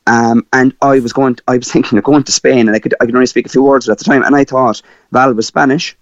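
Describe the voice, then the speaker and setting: A man's voice: mid-range voice, quick pace, no echo. Cork-accented man in his thirties, guest telling a story with feeling, dry muffled recording. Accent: Cork Irish. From Ireland. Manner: animated, laughing storyteller with many fillers. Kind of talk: personal storytelling.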